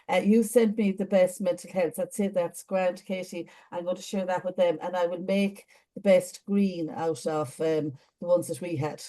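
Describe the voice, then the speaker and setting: An Irish woman talking through a video call, briefing trainees in a chatty, rambling way full of little ums. Her voice sits fairly low and sounds soft and mellow rather than bright. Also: steady tone, moderate pace. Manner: chatty, warm advice with many fillers. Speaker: adjudicator training lead. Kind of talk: online meeting briefing.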